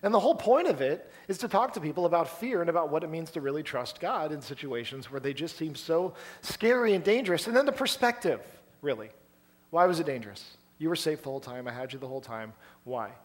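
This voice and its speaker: A man preaching a sermon in a storytelling style, with animated delivery and acted-out quotes. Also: fairly high pitch, quick pace. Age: adult, past college. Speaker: pastor.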